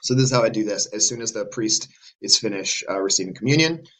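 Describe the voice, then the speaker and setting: A man's voice: fairly low pitch, lively intonation, fast talker, fairly bright tone, poor audio. A man casually explaining how he leads chanted antiphons for a parish, with guitar in the background. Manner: talks loosely with fillers, breaks into chanting. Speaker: church music director. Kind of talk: casual explanation with sung examples. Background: guitar playing.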